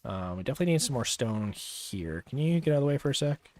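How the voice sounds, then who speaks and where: A young man talking casually as he plays a game on a livestream, relaxed and rambling with many fillers and pauses. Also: medium pitch. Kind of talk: casual gameplay commentary.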